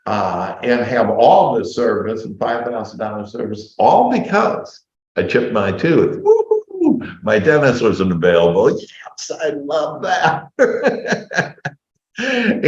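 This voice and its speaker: Animated man telling a story, echoey. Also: mid-range voice, a little slow. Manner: animated storytelling, acting out his own quotes. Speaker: motivational speaker. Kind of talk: personal story told to a group. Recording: echoey room, dull lo-fi sound.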